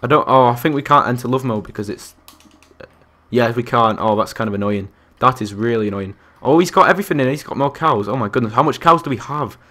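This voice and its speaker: A young man commentating his Minecraft survival game, chatty and excitable, talking to the animals and to his viewers. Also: medium pitch, fast. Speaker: gaming YouTuber. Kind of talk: Minecraft let's-play commentary.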